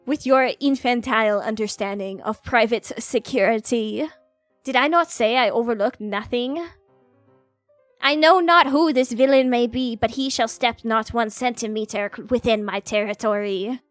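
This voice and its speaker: A woman's voice: high voice, sing-song, moderate pace, sharp tone, no room sound, soft background music, exaggerated voice. A woman voicing a haughty, aristocratic male bird who acts as student council president, reading the game's dialogue aloud in a pompous, disdainful way.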